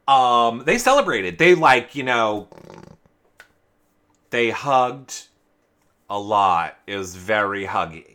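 A young man recapping a reality show in casual, rambling chat. His voice is bright and his pitch bounces around animatedly. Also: big pitch swings, slow, long pauses. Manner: chatty, full of "like" fillers.

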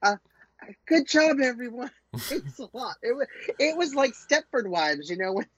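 A woman's voice: fairly high pitch, sing-song, measured pace, slightly rough, muffled recording. A woman co-hosting a podcast, chatting casually and dropping wry, joking asides. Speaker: podcast co-host. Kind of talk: casual recap chat.

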